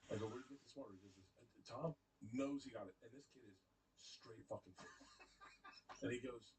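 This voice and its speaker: A man's voice: mid-range voice, animated, quick pace, a little mellow, distant mic, slight background noise. A man telling a funny story on a podcast, acting out the dialogue and swearing freely. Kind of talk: comic storytelling.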